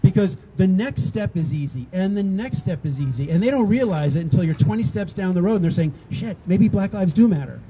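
An older man organizing a rally talks conversationally to an outdoor crowd on a town green, acting out the exchanges he quotes. His voice sits high with lively intonation, and he moves briskly with hardly any pauses over background noise.

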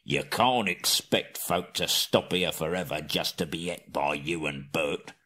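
A man doing a big gruff troll, deep husky voice, slow bossy growl. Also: bright, forceful tone, full character voice. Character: big bullying male troll, William.

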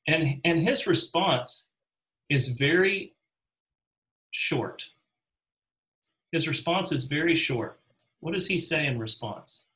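A man's voice: a little high, lively intonation, takes it slowly, pauses often, pushed and bright, poor audio. A man teaching a Bible class in a conversational way, calling on class members and acting out quotes in character voices.

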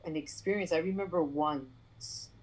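A woman from New York with a Puerto Rican family, a playwright telling a story in an interview, animated and full of fillers and restarts. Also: deep voice, unhurried, rough recording. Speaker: playwright guest.

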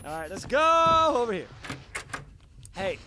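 A very high male voice yells and swears through horror game commentary. His delivery is loud and excitable. A heavy hiss of noise runs under the recording. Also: measured pace. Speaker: gaming video creator.

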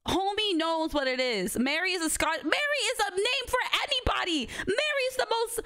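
A woman's voice: extremely high pitch, moderate pace. A woman streaming a horror game, chatting casually and arguing with exclamations and swearing. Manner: animated, exclamatory, argues and swears freely.

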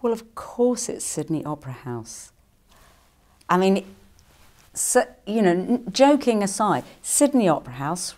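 A middle-aged woman from England, an actress and singer, casually answering fan questions in a chatty, playful way. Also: a little mellow. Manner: chatty and playful, with quick jumps into higher quoted voices.

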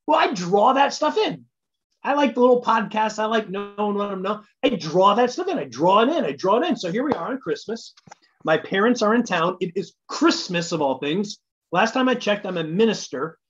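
A man preaching a casual midweek sermon as a minister, telling stories in an animated, joking way. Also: sits high. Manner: casual, animated storytelling with jokes. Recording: slightly dull lo-fi sound.

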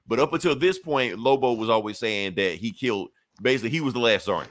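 A podcast co-host who reviews comics casually recaps a comic book plot in profane slang, acting out the characters' lines. He has a medium-pitched voice and talks at a quick pace.

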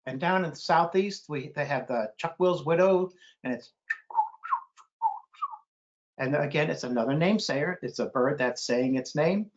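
A middle-aged man reads a children's book at normal speed with hardly any pauses, and the audio sounds dull. He's lively throughout, slipping into playful bird calls and sudden high hoots.

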